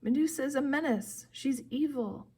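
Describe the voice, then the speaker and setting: A sharp, bossy teenage girl from a storybook reading, brisk and urgent, pitched up and clipped. A woman reads her part.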